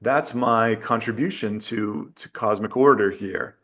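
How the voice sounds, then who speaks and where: A man speaking as a guest on a podcast, thoughtful and halting, often repeating words while he works out his point. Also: lowish voice, fairly bright tone. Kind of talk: casual conversation.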